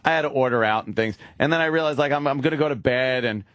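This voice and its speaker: A man's voice: mid-range voice, fast, a bit bright, dry recording. A man hosting a radio show, rambling through casual stories and laughing at himself. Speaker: radio host. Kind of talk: casual studio banter.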